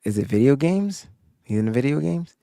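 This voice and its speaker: Man co-host, very lively pitch swings, dry close sound, laid-back. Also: brisk, creaky, no room sound. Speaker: podcast co-host. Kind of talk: casual livestream chat.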